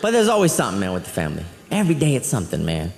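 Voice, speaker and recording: A man doing a stand-up comedy set on a club stage, telling family stories in an animated way and acting out relatives in quick voices. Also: fairly low pitch, vocal fry, heavy background noise. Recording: roomy live venue with reverb. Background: audience laughter.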